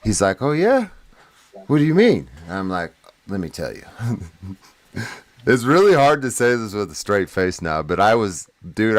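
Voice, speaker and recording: A man's voice: fairly low pitch, no echo. A man casually telling a rambling, profane prison story in a podcast chat, laughing at his own tale.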